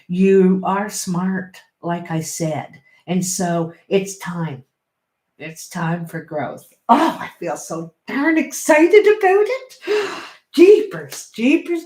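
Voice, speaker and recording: A middle-aged woman reads tarot cards in an unhurried, chatty way, coaxing and encouraging her listener. Her voice sits low and mellow, and she now and then bursts out with excitement. The sound carries a roomy echo. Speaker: tarot reader. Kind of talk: casual tarot reading to camera.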